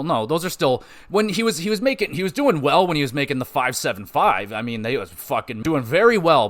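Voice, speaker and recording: A man hosting a casual solo sports podcast, rambling through stats with frequent swearing and quick self-corrections. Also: medium pitch, fairly bright tone. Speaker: podcast host.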